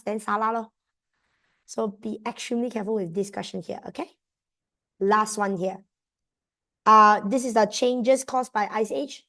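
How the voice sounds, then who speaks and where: A young woman with a Malaysian accent tutoring students online, switching between English and Malay as she coaxes them through exam answers. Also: a little high. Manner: mixes English with Malay terms, coaxing students. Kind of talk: online exam revision class.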